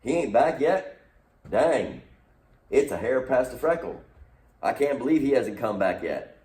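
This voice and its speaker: A man's voice: animated, unhurried. A man voicing a whiny, self-centered grown man among the Israelites, complaining in a raised voice. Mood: impatient. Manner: complaining, pitched way up. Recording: roomy echo, distant mic.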